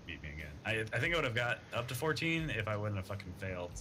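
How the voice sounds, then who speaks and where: A man's voice: fairly low pitch, sing-song, fast talker. A young man chatting casually and joking while streaming a trucking game, rambling and swearing. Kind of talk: casual chat while gaming. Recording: loud background noise.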